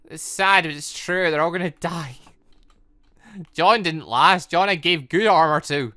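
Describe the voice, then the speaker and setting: A man's voice: on the high side, normal speed, sharp tone, dry recording, studio quality. A young man chatting and joking through his Minecraft let's play, talking to the villagers in the game. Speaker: gaming YouTuber.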